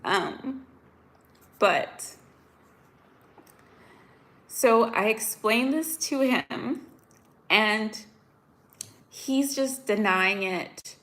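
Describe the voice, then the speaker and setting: A young woman from the United States telling viewers a story in a chatty, animated way, full of "like"s, upset and close to tears. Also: a little high, very slow, long pauses. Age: young adult. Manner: chatty, animated, many "like"s, addresses viewers directly. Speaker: vlogger. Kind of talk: casual storytelling to live viewers.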